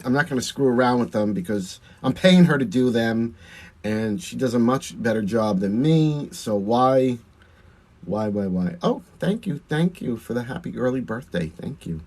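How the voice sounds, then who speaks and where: Doing his makeup on a livestream, a drag performer with a Long Island accent answers viewer comments and laughs frequently. He speaks in a medium-pitched, darkish-toned voice.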